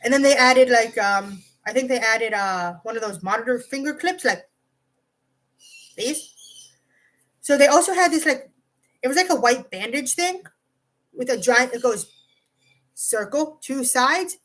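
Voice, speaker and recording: This high-pitched vlogger takes her time, leaving long pauses, and the audio is poor. Talking to her camera, she tells an animated, profane story that wanders off on tangents, with "like" everywhere.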